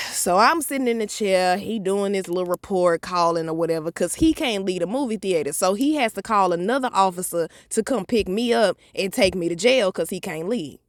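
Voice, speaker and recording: A woman, telling a profane, animated story in a vlog. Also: mid-range voice, normal speed, no room sound, clean studio sound. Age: 30s. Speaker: vlogger.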